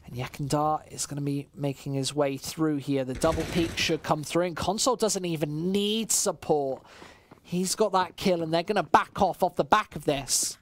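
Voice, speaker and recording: A man with a West Midlands English accent doing solo play-by-play commentary on a live stream, casual and chatty with chat, surging loud and high on big plays. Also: normal speed, a little hiss or hum. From West Midlands, England. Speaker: esports commentator.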